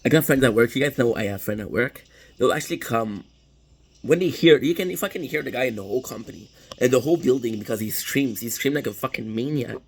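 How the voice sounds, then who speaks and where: A man's voice: mid-range voice, quick pace, breathy edge, rough recording. Rambling, profane young man telling a story. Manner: rambling, profane, frequent restarts. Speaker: vlogger. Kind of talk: casual storytelling while eating.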